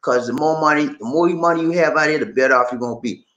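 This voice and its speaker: A man's voice: on the high side, quick pace, echoey room, dull audio. A middle-aged man hosting a casual livestream, reading out chat comments and giving advice in a folksy, laughing way. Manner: animated, laughing, folksy slang. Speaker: vlog host reading live chat.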